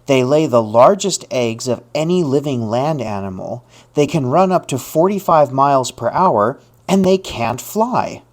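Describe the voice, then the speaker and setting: A man's voice: medium pitch, expressive, a little slow, hardly any pauses. A man reading a scripted voice-over for a travel show, sharing light trivia. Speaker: show narrator.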